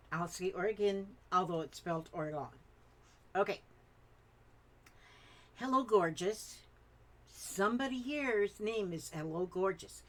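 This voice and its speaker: A woman's voice: fairly low pitch, fairly bright tone. Older woman chatting through viewer comments. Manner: chatty, rambling asides. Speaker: craft channel host. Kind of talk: reading viewer comments aloud.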